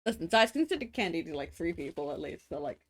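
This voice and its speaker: A woman's voice: sits low, big pitch swings, quick pace, a little hiss or hum. Woman streamer chatting w her chat while eating, laughs a lot, swears casually, voice goes all over the place. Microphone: desk mic.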